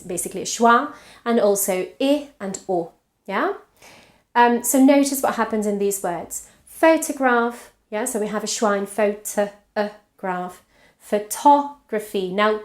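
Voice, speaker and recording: A woman from Spain with a Spanish accent, coaching English pronunciation in an online lesson, reading out word pairs and checking in with the learner. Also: medium pitch. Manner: explains patiently, checks in with "yeah?" and "right?", reads word pairs slowly.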